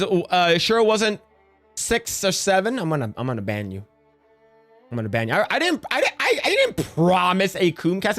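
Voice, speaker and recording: Male streamer, young, casual livestream chat, rambling, profane, slightly high voice. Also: a bit bright.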